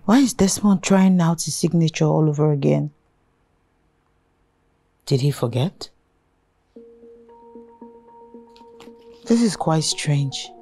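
A woman's voice: low-pitched, a little slow, long pauses, dark tone. An actress playing a worried wife who suspects her husband has changed, in a film drama with music underneath. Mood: puzzled. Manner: anxious, pleading, rising to panic. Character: frightened young wife doubting her husband.

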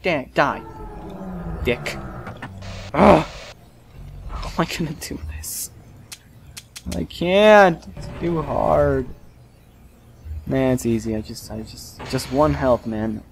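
A man hosting a let's play, commenting live on gameplay with excitable, frustrated outbursts and swearing. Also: mid-range voice, takes it slowly, gravelly, long pauses, background noise.

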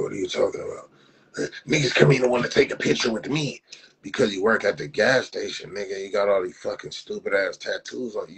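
A man's voice: sits low, a bit bright, slightly rough, poor audio. A young man from Compton with a Southern California accent, ranting animatedly on a livestream in slang with a lot of swearing. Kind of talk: casual livestream rant.

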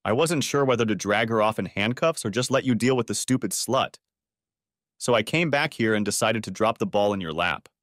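A calm male deputy speaks in measured, firm tones, keeping a lid on things, as a narrator plays him. The storybook voice is lively. It sounds close and dry. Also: on the low side, dry recording.

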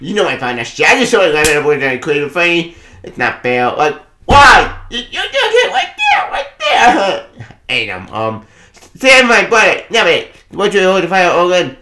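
Male comic reviewer, high animated voice, loud excitable delivery full of curses, roomy echo. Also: normal speed. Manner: excitable, swears a lot, laughs often. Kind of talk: casual spoken review.

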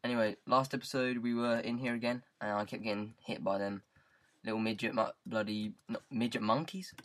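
A man's voice: lowish voice, fairly even intonation, brisk, a bit bright. Goofy rambling British gamer guy. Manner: rambling and goofy, repeats words in silly riffs. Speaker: gaming YouTuber. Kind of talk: casual gameplay commentary.

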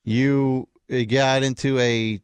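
A man's voice: mid-range voice, little pitch movement, takes it slowly, smooth, no echo. A male radio host asking a guest questions in a conversational way. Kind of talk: casual radio interview. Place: radio studio.

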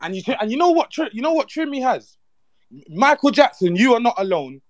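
A man with a very high voice, co-hosting a rowdy banter show and roasting a guest with merciless, mocking insults. The recording is dry and close. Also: big pitch swings, a little fast, dry recording. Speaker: co-host. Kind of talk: casual banter on a live audio show.

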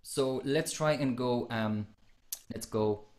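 A man's voice: mid-range voice, slow pace, darkish tone. A man hosting a podcast and coaching singing technique, explaining at length with frequent restarts and sung demonstrations. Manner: explanatory, many restarts, demonstrates vocal sounds. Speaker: podcast host and voice teacher.

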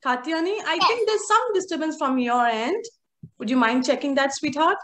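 A woman teaching an online phonics class to young children over a video call, coaxing them along with animated, sing-song prompts. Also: sits high, normal speed.

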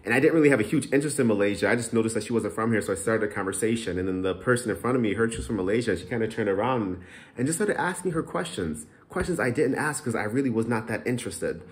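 A man's voice: lowish voice, animated, fast talker. A man talking frankly in a casual, unscripted vlog, rambling with lots of ums and uhs. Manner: frank, chatty, rambling with many fillers. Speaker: vlogger.

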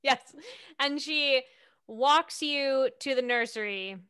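A woman's voice: high voice, slow, pushed and bright, clean tone. A woman narrating a tabletop game as its game master, playful and amused.

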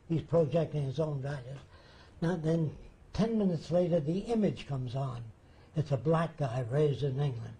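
Older man with a dark, mellow voice. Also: on the high side, normal speed, a little hiss or hum. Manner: plain-spoken, anecdotal, acts out quotes. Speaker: interviewee. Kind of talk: storytelling in conversation.

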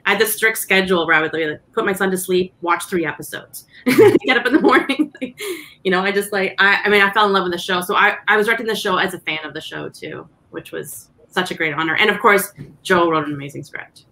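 A woman's voice: lowish voice, a little fast, bright, forceful tone. A woman, a director guest, talking casually and enthusiastically on a panel, laughing as she speaks.

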